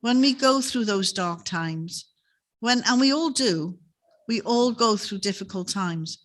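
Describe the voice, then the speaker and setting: A woman's voice: mid-range voice, expressive, a little slow. A woman giving a sermon in a chapel, telling stories in a conversational way and often ending on tag questions. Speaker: preacher.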